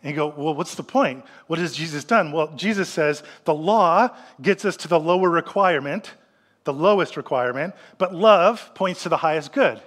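A male pastor delivers his sermon in an easy, conversational way, with a voice pitched a little high. He keeps asking rhetorical questions and slips into the voices of people who might answer him. His words ring out with a long reverb, as in a large hall. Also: expressive, normal speed, a bit bright.

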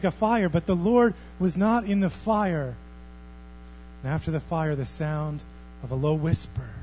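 A man preaching a sermon as pastor, swinging from hushed, almost whispered passages to loud, thundering ones. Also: on the high side, poor audio. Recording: faint mains hum.

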